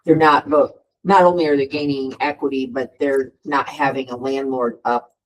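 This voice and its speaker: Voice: medium pitch, steady tone, far from the mic, a little hiss or hum, low-quality recording. Earnest panelist speaking from off-mic. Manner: earnest, halting, many restarts. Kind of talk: casual panel discussion.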